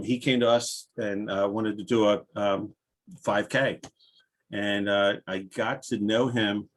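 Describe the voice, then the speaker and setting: Tearful man speaking from the heart. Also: on the low side. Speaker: advocate introducing a speaker. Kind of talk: heartfelt remarks at a virtual panel. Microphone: video call.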